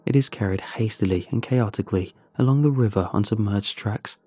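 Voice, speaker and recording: Low, mellow male horror narrator. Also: fairly quick, breathy edge, dry recording, clean studio sound. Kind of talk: first-person horror story narration.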